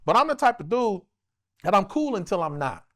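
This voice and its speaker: A high-pitched man from the United States, in his forties, relates a rowdy story at a fairly quick clip while being interviewed. He swears freely, stays animated, and acts out other people's lines as he casually tells the tale.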